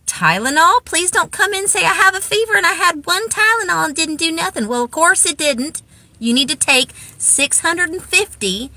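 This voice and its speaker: A woman's voice: high-pitched, pushed and bright, no room sound. A tired woman emergency room nurse, giving blunt, exasperated advice in an after-work vlog. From Pensacola, Florida.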